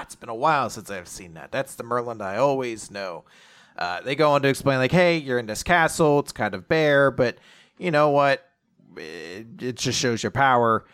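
A man's voice: mid-range voice, a bit bright. A man hosting a podcast, loosely recapping comic chapters with lots of fillers and the odd curse. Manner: loose, filler-heavy, occasional swearing. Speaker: podcast host. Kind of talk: casual chat recapping comics.

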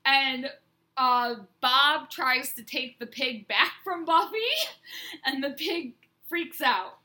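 Bright high-voiced woman recapping a show. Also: slow pace. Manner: chatty, recaps scenes with playful quoted lines and laughs. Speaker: podcast co-host. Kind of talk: casual recap chat.

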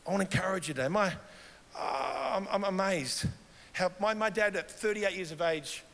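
A middle-aged Australian man preaching a sermon in a church, telling animated personal stories. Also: high voice, moderate pace. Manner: animated storytelling, mimics his wife in quoted dialogue. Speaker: guest pastor. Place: large church hall. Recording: long hall reverb.

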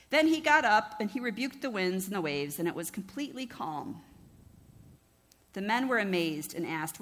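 A middle-aged woman pastor giving a conversational, lively sermon, often checking in with the congregation. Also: a little high. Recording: long church-hall reverb.

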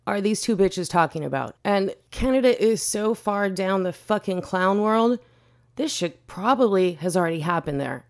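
A woman's voice: medium pitch, lively intonation, moderate pace. A woman hosting a podcast, ranting in a blunt, profane, indignant way. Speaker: podcast host.

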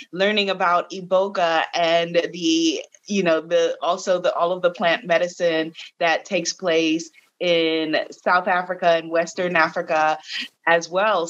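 Affirming woman on slightly dull audio. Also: on the low side. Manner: affirming, repeats phrases. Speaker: author, guest. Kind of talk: casual interview chat.

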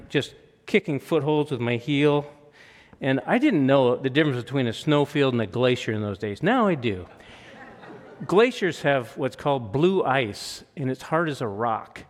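An older man preaching a storytelling sermon in a conversational, self-deprecating way, with lively quoted asides. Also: medium pitch. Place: church hall. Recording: long hall reverb.

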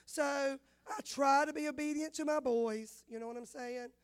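Woman pastor in her fifties, high bright voice, lively sermon storyteller. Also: normal speed. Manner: animated storyteller, acts out dialogue. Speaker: women's pastor.

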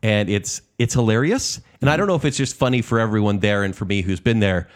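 A man with a fairly low voice talks through things on a podcast. He explains in an easy, relaxed way. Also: quick pace. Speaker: podcast co-host. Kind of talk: casual chat.

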